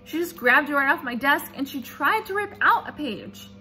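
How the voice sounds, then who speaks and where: A feisty little storybook girl argues in high, ringing outbursts full of bounce, as a woman voices her. The voice is bright and lively, leaping up and down as she makes her point. She sounds bold and easily riled. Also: normal speed, faint music behind. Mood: indignant. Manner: emphatic, indignant outbursts.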